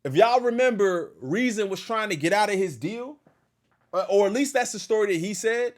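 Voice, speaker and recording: A man hosting a casual reaction stream, talking back to a video and shouting out his chat. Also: high-pitched, moderate pace. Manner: animated, talks back to the video and thanks chat.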